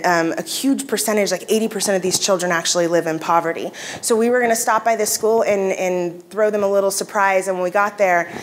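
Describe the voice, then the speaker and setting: A woman's voice: medium pitch, slight background noise. A woman giving a conference keynote, telling stories in a conversational way with frequent fillers and restarts. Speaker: keynote speaker. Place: convention hall stage.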